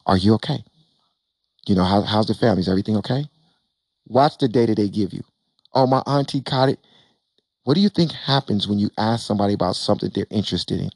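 A man who invests in real estate gives an emphatic, animated talk to an audience on a panel, repeating phrases and acting out bits of dialogue. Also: on the low side, slightly rough, dry recording. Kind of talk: motivational stage talk to an audience.

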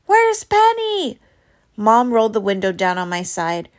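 A woman reading a novel aloud, with dramatic storytelling that turns soft and hushed in quiet passages. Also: mid-range voice, a little fast. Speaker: reader.

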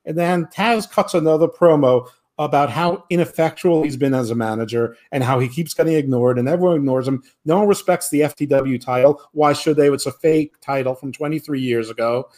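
A man's voice: on the high side, brisk, hardly any pauses. A man co-hosting a podcast, recapping wrestling in a rambling, sarcastic way and mimicking the people he quotes. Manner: rambling, sarcastic, animated when quoting others. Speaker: podcast co-host. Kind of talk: casual wrestling recap chat.

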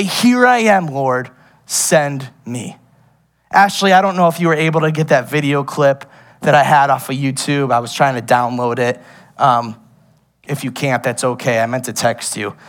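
A young man preaching a sermon as pastor, animated and laughing often, drifting into playful tangents. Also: on the high side.

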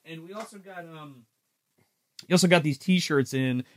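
A man rambles through a live podcast chat, swearing freely and circling back on his own sentences. His voice sits a little high for a man. The sound is close and dry, with no room around it. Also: normal speed, dry recording. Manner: loose, profane, rambling with restarts. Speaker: podcast co-host. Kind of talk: casual live-stream chat.

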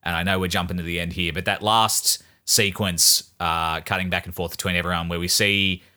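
A man's voice: low voice, level tone, a little fast, bright, forceful tone. A man co-hosting a casual film review podcast, agreeable and chatty, often saying yeah and sure. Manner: agreeable, many yeahs and sures, laughs. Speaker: podcast co-host.

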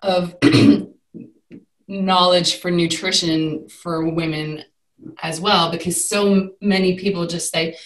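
A young adult woman, a guest in a conversational interview, speaking candidly and telling her story with lively swings in pitch. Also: measured pace, echoey room, poor audio.

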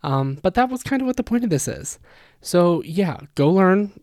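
A man's voice: sits high, big pitch swings, moderate pace, darkish tone, no room sound, studio quality. A man hosting a casual podcast about learning languages, chatty and self-deprecating, who demonstrates sounds aloud as he explains them. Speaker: podcast host.

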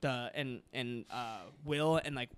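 A man's voice: medium pitch, slow pace, fairly bright tone, clean tone. A young man in casual chat, bantering in laid-back slang and swearing.

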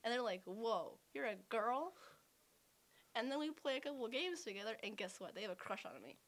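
A woman's voice: on the high side, animated, quick pace, low-quality recording. A woman co-hosting a podcast in casual chat, giggly, chatty and playful. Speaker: podcast co-host.

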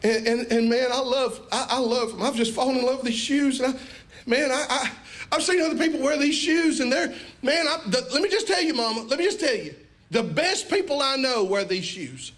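A man's voice: very high voice, animated, brisk, fairly bright tone, pitched above the performer's own voice. A man voicing an eager young child begging a parent for shoes, pleading and breathless.

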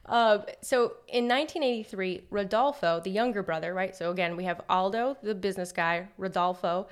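A woman with a mid-range voice tells a story in casual podcast chat. She jokes and teases often, and her delivery stays animated throughout. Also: medium pitch, moderate pace, clean tone. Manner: playful, jokey, animated. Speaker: podcast co-host.

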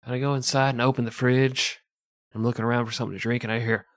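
A man's voice: medium pitch, flat delivery, quick pace, dry recording, studio quality. A man co-hosting a comedy podcast, telling a story in a joking way and laughing often. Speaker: podcast co-host. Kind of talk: casual comedic chat.

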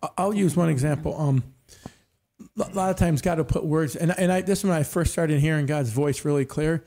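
A man's voice: a little high, brisk, mellow. A middle-aged man telling faith stories in a casual church panel discussion, often saying amen. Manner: storytelling, frequent amens.

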